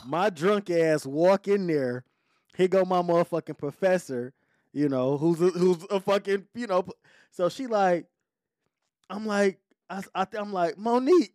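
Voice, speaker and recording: Give me an animated male podcast host telling a raw story, dry and close. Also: high voice, unhurried, dry recording. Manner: animated, profane storytelling with shifting voices. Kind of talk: casual storytelling chat.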